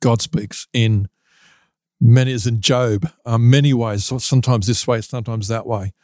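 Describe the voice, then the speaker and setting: A middle-aged man speaking earnestly about faith as a podcast guest, often pausing and restarting his sentences. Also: medium pitch, steady tone, mellow, no room sound, clean studio sound. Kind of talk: reflective podcast interview.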